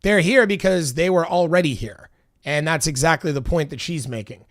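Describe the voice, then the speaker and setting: A man's voice: on the high side, moderate pace, no echo, studio quality. A man giving casual, heated political commentary as he reacts to video clips, swearing and arguing with his viewers. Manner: exasperated, heated, swears often. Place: Los Angeles.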